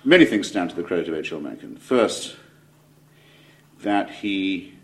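English male speaker, lowish voice, dry ironic lecture delivery, wanders into asides. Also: lively intonation, unhurried, a bit bright. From England. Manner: wry, digressive, self-interrupting with ironic asides. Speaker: lecturer giving a speech. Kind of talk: public lecture.

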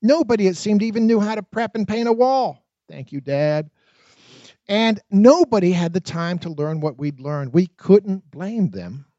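A man narrating his own memoir in an expressive, dramatic audiobook reading. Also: high voice, unhurried, no echo. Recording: dull, lo-fi dry recording.

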